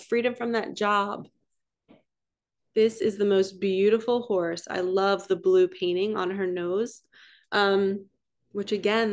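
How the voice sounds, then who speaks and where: A woman giving a casual, excitable oracle card reading as a spiritual coach, chatty with gasps of wonder. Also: mid-range voice. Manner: chatty and excitable, frequent laughs and gasps, quick then drawn-out.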